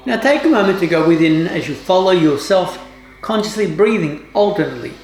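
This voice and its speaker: A woman yoga teacher giving calm, measured instructions with formal, old-fashioned phrasing during a guided class. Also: on the low side, slight background noise. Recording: roomy, echoey room.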